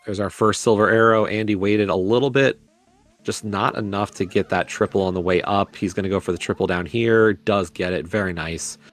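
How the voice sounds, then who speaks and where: A man's voice: fairly low pitch, a little fast, faint music behind. A man commentating a live video game race, then chatting casually with the players. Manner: relaxed, chatty, asks players questions.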